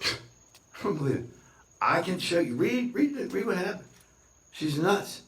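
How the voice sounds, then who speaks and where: A man's voice: sits high, big pitch swings, a little slow. Boastful ranting man, roomy and distant. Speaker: vlogger. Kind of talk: rambling monologue to camera.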